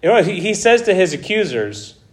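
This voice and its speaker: A man preaching a conversational Bible teaching, who acts out the dialogue with animated asides. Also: high voice, fairly quick.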